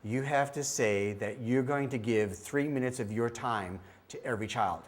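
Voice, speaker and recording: This middle-aged man speaks at normal speed in a mid-range voice during a training presentation on screening children's hearing. He's an animated storyteller who acts out the kids' voices and the test beeps as part of his demonstrations.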